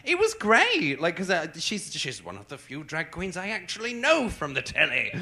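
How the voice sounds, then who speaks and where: A man chatting on a panel, expressive and self-deprecating, tossing in quick asides. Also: high-pitched. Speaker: drag performer, viewing party panelist. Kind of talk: casual panel chat.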